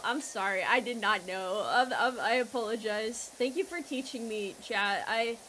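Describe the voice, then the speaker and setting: Bright high-voiced woman streamer. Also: a little hiss or hum. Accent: American. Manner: playful, loud and teasing with chat, trailing into quiet mock apologies. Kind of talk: casual game stream chat.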